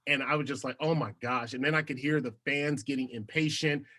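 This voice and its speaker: Bright-voiced animated man telling stories. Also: mid-range voice, fairly quick. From United States. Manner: animated, laughs often. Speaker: podcast guest, TV host. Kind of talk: casual interview storytelling.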